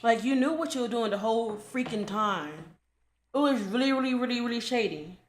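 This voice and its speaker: A woman's voice: a little high, animated, brisk. A young adult woman giving a casual commentary rant, blunt and profane, scolding and repeating herself to drive the point home. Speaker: commentary creator.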